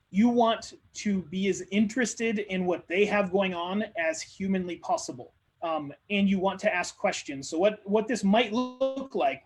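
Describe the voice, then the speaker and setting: A man hosting a live webinar who coaches on networking in an energetic, conversational way and acts out sample dialogues. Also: high-pitched. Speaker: marketing coach, webinar host.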